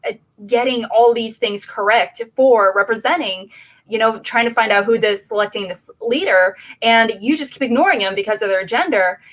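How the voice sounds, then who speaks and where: A woman's voice: on the high side, moderate pace. A woman co-hosting a casual movie chat who talks hesitantly, full of fillers and restarts. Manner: hesitant, many fillers like "you know" and "uh". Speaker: co-host.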